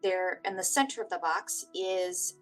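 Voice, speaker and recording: A woman narrating a tabletop role-playing session as game master, describing scenes with patient, measured phrasing. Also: on the low side, soft background music, poor audio.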